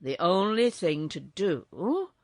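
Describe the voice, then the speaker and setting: A woman reading a storybook, voicing a shaggy, protective man who calls out loudly. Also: lowish voice, sing-song, slow pace, dry recording, clean studio sound, heavily acted. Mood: low urgent. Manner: calling out loud.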